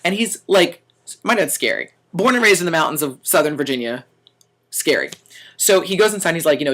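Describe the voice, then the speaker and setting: A man's voice: on the high side, animated, fast, fairly bright tone. A young man vlogging, telling a story in a dramatic, profane way and acting out quoted lines. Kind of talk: animated storytelling.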